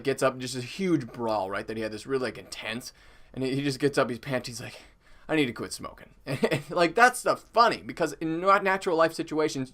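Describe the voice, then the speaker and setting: A man's voice: medium pitch, a bit bright. A young man giving a casual, chatty movie review, full of fillers.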